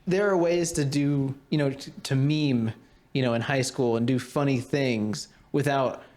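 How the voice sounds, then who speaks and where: Telling meandering stories packed with filler words and frequent laughter, this young podcast co-host keeps the chat casual. He speaks in a steady, mid-range, darkish voice at a measured pace.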